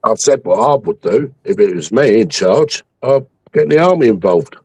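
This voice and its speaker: A man's voice: lowish voice, animated, normal speed, darkish tone, husky, no room sound, low-quality recording. A man hosting a livestream, ranting angrily with heavy swearing about politics. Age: 60s. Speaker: livestream host. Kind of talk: heated political chat.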